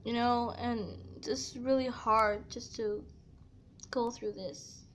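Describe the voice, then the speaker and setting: A woman's voice: a little high, fairly even intonation, slow pace, a little hiss or hum. A young woman vlogger telling a painful personal story to camera, heartfelt and tearful, filling her talk with "you know". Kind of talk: emotional storytime confession.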